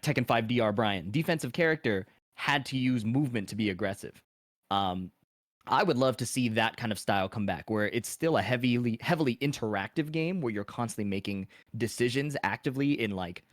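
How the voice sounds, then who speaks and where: A man explains his views on a panel in a thoughtful, measured way, often pausing on filler words. His pitch is middling and the recording is dry and close. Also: dry recording. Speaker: panel guest. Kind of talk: analytical panel discussion.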